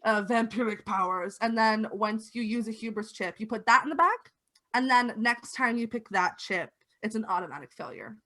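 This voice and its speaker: A woman's voice: on the high side, moderate pace, sharp tone. A woman running a tabletop game as game master, chatty and explaining the rules with many fillers. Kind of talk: narrating a tabletop game on a stream.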